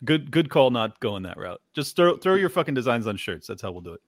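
A man's voice: mid-range voice, big pitch swings, a little fast, dry recording. Blunt, swearing man, dry close sound. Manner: blunt, emphatic, profane. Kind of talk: casual podcast chat.

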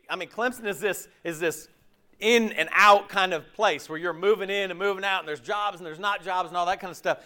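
A man's voice: a little high, a bit bright. A pastor preaching a conversational sermon, acting out quoted voices as he goes.

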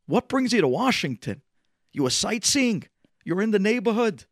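A man voicing an excited, then furious, older male president, booming and shouting. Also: normal speed, no room sound, studio quality, natural voice. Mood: overjoyed.

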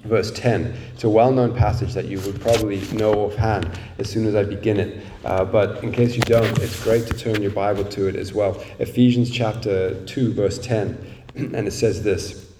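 A man preaching in a mellow, relaxed voice, easing into a story with many "uh"s and "like"s. He sounds a bit far from the microphone, like a preacher at an evening church meeting. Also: fairly low pitch, a little slow, roomy sound, slight background noise. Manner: relaxed storytelling, frequent fillers. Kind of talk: sermon. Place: meeting room at an evening gathering.

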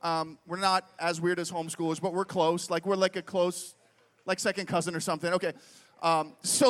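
High-voiced middle-aged man preaching in a reverberant hall. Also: fairly quick. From Pittsburgh, United States. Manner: animated, quizzes the crowd with frequent questions, many fillers. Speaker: festival speaker. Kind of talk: humorous storytelling sermon. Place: large festival stage. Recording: long reverb from a large venue.

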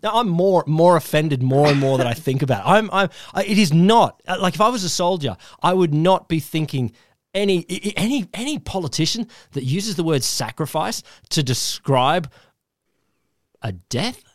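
A man's voice: a little high, lively intonation, moderate pace, dry recording, clean studio sound. A man co-hosting a casual chat podcast, growing heated and tripping over his words as he argues. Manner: heated, stumbling restarts when worked up. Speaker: podcast co-host.

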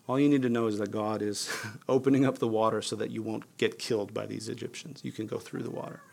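A man's voice: fairly low pitch, steady tone, fast talker, vocal fry, darkish tone. A male pastor giving a sermon in a casual, conversational way, addressing the congregation as "you guys.".

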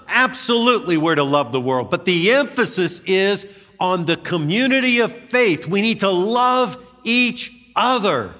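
A man preaching a sermon to his congregation, with lively emphasis and easy jokes with the listeners. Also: on the high side. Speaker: pastor. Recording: reverberant sanctuary, voice sometimes far from mic.

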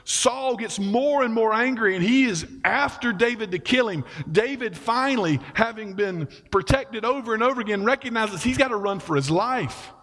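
A man's voice: sits high, expressive, moderate pace, few pauses, a bit bright. A man preaching in a casual, folksy way, acting out the voices of the story's characters. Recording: long hall reverb.

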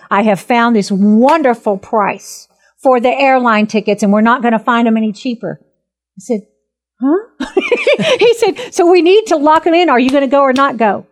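A woman in her fifties, a minister, telling her testimony in an earnest, emphatic and animated way. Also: a little high. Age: 50s. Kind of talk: personal testimony talk.

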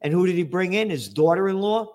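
A man's voice: sits high, animated, fast, a little mellow. A male host in heated political chat, impassioned and sarcastic.

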